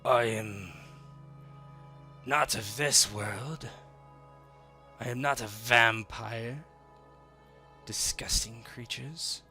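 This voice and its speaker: A man voicing a male-voiced otherworldly spirit who has possessed a young woman. The spirit talks in a guttural, slow, quiet and aloof way. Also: medium pitch, soft background music, full character voice. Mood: cold, weary.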